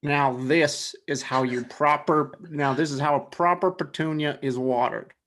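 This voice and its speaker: Guy doing a fussy garden show host, slow and careful. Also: on the high side, fairly even intonation, a bit bright. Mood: instructive.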